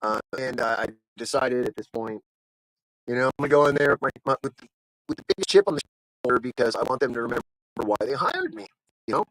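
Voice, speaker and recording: Talking fast in a mid-range voice, this livestream host tells a long, casual story that wanders with fillers and restarts. He animatedly plays the other people's parts, and the poor-quality audio has no echo.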